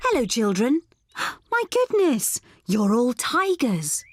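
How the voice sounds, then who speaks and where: An actress playing a calm, kind mother pig in a children's cartoon, gentle and sensible. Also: on the high side, slow, no echo, full character voice.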